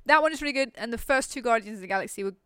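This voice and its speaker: A woman hosting a podcast in casual, animated, jokey chat. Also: on the high side, very fast, clean tone, no room sound. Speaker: podcast host.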